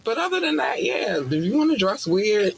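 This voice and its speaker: A man's voice: high voice, moderate pace, creaky, noisy background. A man hosting a podcast, ranting in a loose, profane, preachy way like a mock sermon. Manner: profane, animated, preachy asides. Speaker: podcast host. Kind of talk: casual rant with mock sermon.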